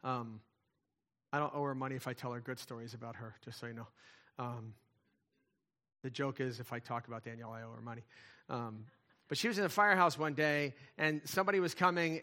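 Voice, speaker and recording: A pastor with a mid-range voice preaches a conversational sermon, speaking a little fast and leaving long pauses. He dips into quiet asides and builds to loud, emphatic points.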